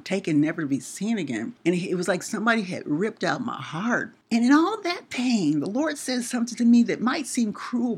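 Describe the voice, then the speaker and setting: A woman's voice: lowish voice, husky. A middle-aged woman preaching a sermon, impassioned and building to emphatic peaks.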